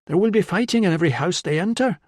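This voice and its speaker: A man's voice: high voice, animated, fast talker, no echo, studio quality, voice pushed up. A man voicing a determined young wife in ancient Rome who speaks in an urgent, commanding way. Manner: insistent and commanding.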